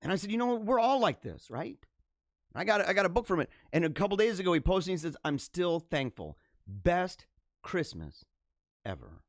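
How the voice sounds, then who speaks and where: This is a fast, casual storytelling monologue from a man hosting a live stream, recorded close and dry without any room echo. His slightly high voice rambles through a long improvised tale, often restarting and then flaring into animated bursts.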